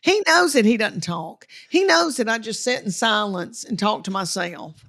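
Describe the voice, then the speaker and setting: Woman, Southern accent, middle-aged, folksy and animated, gravelly fry. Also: medium pitch, normal speed. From Tennessee. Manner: folksy, animated, acts out family quotes. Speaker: comedian guest. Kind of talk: storytelling interview chat.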